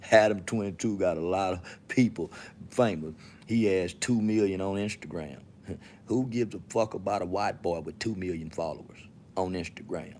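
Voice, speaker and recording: A man from Texas with a Southern accent, hosting his podcast alone in a profane, swaggering, mocking rant. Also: fairly low pitch. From Texas, USA. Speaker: podcast host. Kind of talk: solo monologue to camera.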